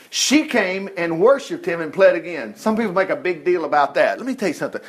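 A man preaching a sermon in a folksy, animated way, often laughing and acting out quotes. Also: sits high, a little fast, hardly any pauses, husky.

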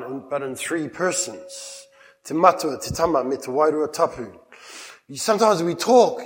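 A man's voice: a little high, long reverb tail, low-quality recording. A man preaching a sermon, emphatic and with playful humorous asides. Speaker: pastor. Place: church.

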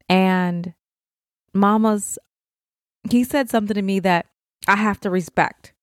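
A middle-aged woman hosting a podcast, talking with deep feeling and speaking straight to other mothers in casual, heartfelt chat. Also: steady tone, slow pace, long pauses, dry recording, studio quality. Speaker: podcast host. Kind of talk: heartfelt casual talk to listeners.

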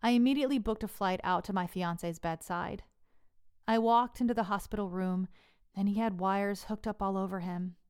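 Smooth-voiced woman telling her story. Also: mid-range voice, a little mellow. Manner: earnest, measured narration. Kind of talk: personal storytelling.

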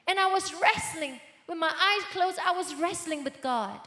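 A woman pastor giving a sermon testimony, telling her story with animated swings between loud bursts and hushed lines. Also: very high voice, normal speed, few pauses, roomy sound.

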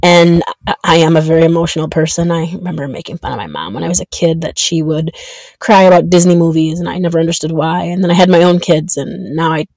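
A woman in her thirties hosting her own podcast, talking earnestly and haltingly with many ums and restarts. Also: sits low, a little mellow, dry recording. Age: 30s. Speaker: podcast host. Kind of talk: reflective solo podcast monologue.

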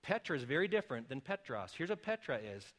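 A middle-aged man preaching a sermon, explaining calmly and then rising to loud, emphatic calls. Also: mid-range voice, fast talker. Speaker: pastor.

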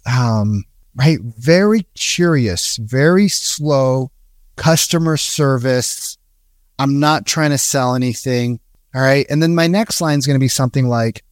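A man's voice: mid-range voice, measured pace, no room sound, studio quality. A man giving casual sales coaching. He talks conversationally, often checks in with "right?" and acts out sample calls. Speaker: sales trainer.

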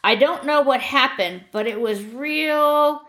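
A woman's voice: high-pitched, slow pace, a bit bright, pitched above the performer's own voice. A woman voicing a rambling adult male kidnapper who slips into a dazed, trance-like tone.

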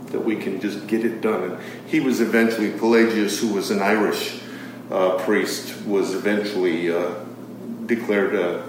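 A man's voice: lowish voice, noisy background. A man teaching a Bible study to a live group, reading scripture aloud and posing rhetorical questions, with frequent fillers. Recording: very echoey room, far from the mic.

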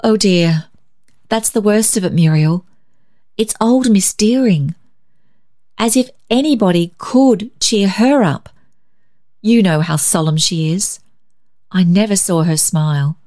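A woman voicing a timid, hopeful young woman who speaks brightly and falters when nervous. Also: medium pitch, slow pace, pauses often, close to an everyday voice. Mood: anxious.

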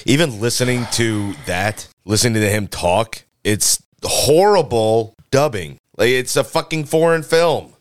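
A man's voice: mid-range voice, unhurried, hardly any pauses. A man co-hosting a casual movie chat, blunt and scoffing. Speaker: podcast co-host.

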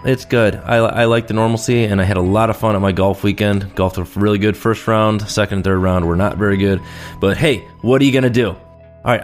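A man in his thirties hosting a solo podcast, telling stories with lively enthusiasm and acting out quoted voices. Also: on the low side. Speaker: podcast host, dentist. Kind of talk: casual solo podcast monologue.

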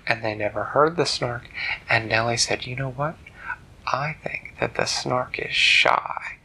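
A man telling a bedtime story to a child in a gentle, animated way. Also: mid-range voice, vocal fry, slightly rough, rough recording.

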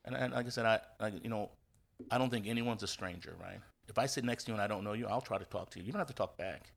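Man, low gravelly voice, husky, coach, casual interview, storyteller with fillers and restarts. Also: fast. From Indiana. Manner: animated storyteller, acts out quoted voices, many fillers and restarts. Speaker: guest, football coach.

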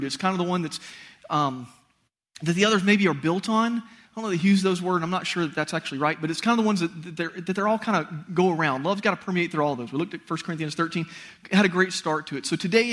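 A man with a noticeably high voice preaching a sermon. He talks in an easy, conversational way, tosses quick questions to the audience and often backs up to restart a sentence. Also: a bit bright. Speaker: pastor.

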